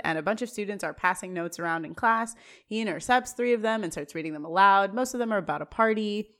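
A woman's voice: on the low side, a bit bright. A woman co-hosting a podcast, casually retelling TV scenes and quoting the characters' lines, often laughing. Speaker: podcast co-host. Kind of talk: casual recap chat.

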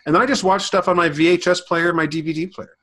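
A man's voice: high voice, fairly even intonation, pushed and bright. A man in his forties co-hosting a podcast, talking in a loose, rambling way with many restarts. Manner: halting, many fillers and restarts. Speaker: podcast co-host. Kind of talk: casual rambling chat.

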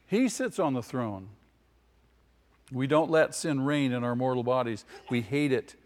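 A man's voice: mid-range voice, lively intonation, unhurried, darkish tone. A male pastor preaching a sermon with emphasis. He repeats key phrases and asks the congregation questions. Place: church hall. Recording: long hall reverb.

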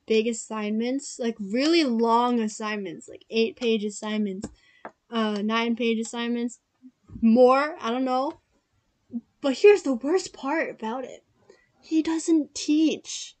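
A woman's voice: on the high side, unhurried, a little mellow. A young woman co-hosting a casual podcast, rambling with lots of fillers and giggles. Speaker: podcast co-host. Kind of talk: casual chat.

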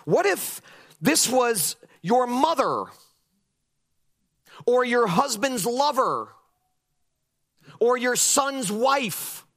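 A male pastor preaching a lively sermon, throwing his voice into mocking impressions of critics and pressing his points with emphasis. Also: extremely high pitch, extremely slow, pauses often.

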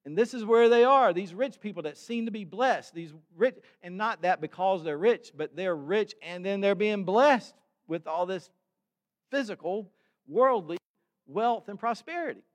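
A man's voice: high voice, lively intonation, normal speed. A male pastor preaching a conversational sermon, reading scripture with rising intensity and often restarting his sentences.

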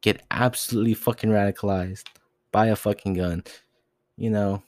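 Young man, solo podcast rant, profane, agitated, rambling, lowish voice, dry close sound. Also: steady tone, moderate pace, a little mellow, dry recording. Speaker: podcast host.

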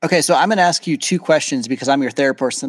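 A man co-hosting a podcast, playing a therapist in a mock therapy session, asking calm, measured questions. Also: on the high side, dry recording. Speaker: podcast co-host acting as therapist.

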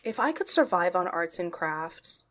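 A woman's voice: fairly low pitch, big pitch swings, a little slow, fairly bright tone. A young woman co-hosting a book podcast in casual chat, wry and plain-spoken, reacting with groans. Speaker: podcast co-host.

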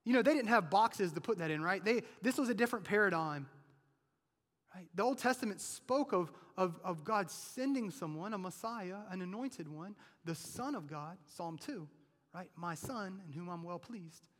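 A man's voice: sits high, lively intonation, normal speed. A male pastor preaching a sermon in a conversational way, often asking "right?" as he talks. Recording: long reverb of a large hall.

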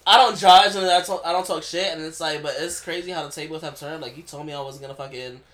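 Rambling bright-voiced young podcast co-host. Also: mid-range voice, steady tone, fast talker. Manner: rambling, filler-heavy, profane. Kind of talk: casual chat.

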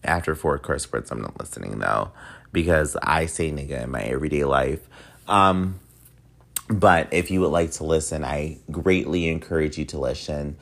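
A man with a low voice hosts his podcast in a loose, chatty manner. His tone is nasal and a little whiny, and he talks earnestly and repeats himself. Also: moderate pace, vocal fry, a bit bright. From United States. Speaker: podcast host. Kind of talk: casual podcast outro.

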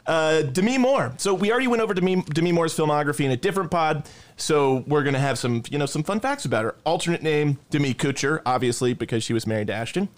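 A man's voice: on the high side, expressive, fast. A young man co-hosting a podcast, reading through actors' film credits in a casual chat and laughing often. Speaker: podcast co-host.

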